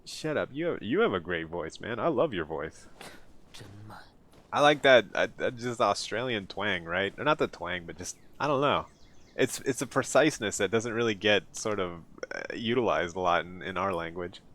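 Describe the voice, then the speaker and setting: Deep-voiced man rambling on a late stream. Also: animated, moderate pace, a bit bright. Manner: rambling, laughs often, self-deprecating. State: tired, up late at night. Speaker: live streamer. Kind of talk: casual late-night stream chat with viewers.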